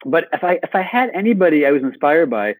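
A man's voice: fairly high pitch, sing-song, fast, no room sound, rough recording. A man from Michigan, a guest actor on an interview podcast, telling stories with playful acted-out asides. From Michigan, USA.

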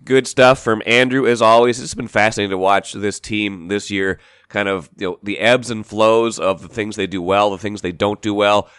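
A man giving measured sports analysis on a podcast. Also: on the low side, steady tone, a bit bright, clear, resonant tone, dry recording, studio quality.

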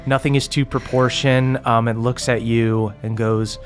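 Relaxed male game master narrating. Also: mid-range voice, measured pace, few pauses, soft background music. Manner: relaxed, many ums and uhs.

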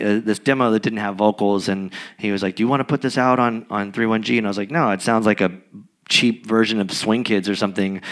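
A man, a musician guest, telling stories in a rambling, animated way with many restarts during a live podcast interview. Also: fairly low pitch. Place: recording studio with live audience.

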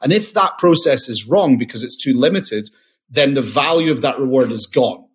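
A man's voice: mid-range voice, lively intonation, normal speed. A man, a company founder, talking casually and enthusiastically as a podcast guest, often restarting and repeating words. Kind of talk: casual interview talk.

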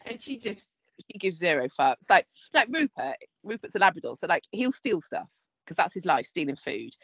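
A woman in her thirties from England, cohosting a podcast and telling funny stories in a sweary, animated way. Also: fairly low pitch, normal speed, breathy edge, no echo. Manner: sweary, animated, jumps into quoted voices. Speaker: podcast co-host. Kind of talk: casual chat, comic storytelling.

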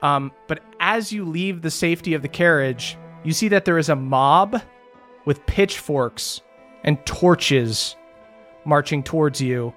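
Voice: medium pitch, a little slow, a bit bright, faint music behind. A game master narrating a tabletop game casually, with fillers and the odd swear.

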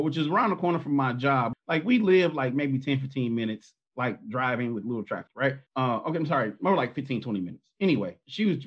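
A man guest on a podcast, telling a family story in a loose, rambling way full of fillers. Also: medium pitch. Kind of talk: casual storytelling. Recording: muffled, husky-sounding audio.

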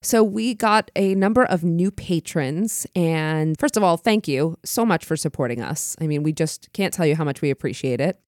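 Enthusiastic woman podcast co-host, slightly low. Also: expressive, normal speed, few pauses, darkish tone, no echo, clean studio sound. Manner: enthusiastic, grateful. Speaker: podcast co-host and criminology teacher. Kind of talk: casual podcast chat.

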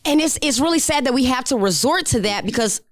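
A woman's voice: sits high, lively intonation, quick pace, no room sound. A woman co-hosting a podcast, telling stories in a candid, blunt, salty way. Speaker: podcast co-host. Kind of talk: casual chat.

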